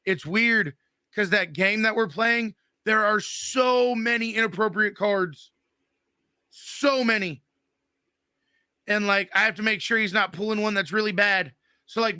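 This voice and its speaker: Male guest host, 30s, brassy and high, profane storyteller, dead-dry sound. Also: pushed and bright, clean tone, no room sound. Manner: profane storytelling, quick and joking. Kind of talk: casual chat.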